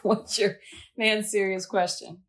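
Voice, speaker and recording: A woman's voice: medium pitch, fairly even intonation, unhurried. A woman co-hosting a podcast in casual banter, laughing and pushing back teasingly on her co-host.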